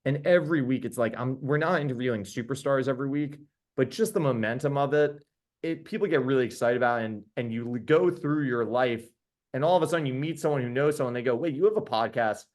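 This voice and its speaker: A man, a podcast host, telling stories in casual chat as a guest, animated and enthusiastic with quick restarts. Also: medium pitch. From New York. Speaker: podcast host being interviewed. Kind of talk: casual storytelling.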